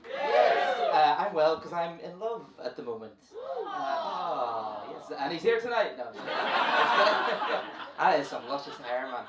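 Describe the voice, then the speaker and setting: Northern irish comic, bit high voice, playful self-mocking riffs, roomy club, mic a bit far, lots of noise behind. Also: male voice, wildly swooping pitch, unhurried. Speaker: stand-up comedian. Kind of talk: stand-up comedy set. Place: comedy club stage. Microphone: handheld mic. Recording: echoey club, from afar, with crowd noise.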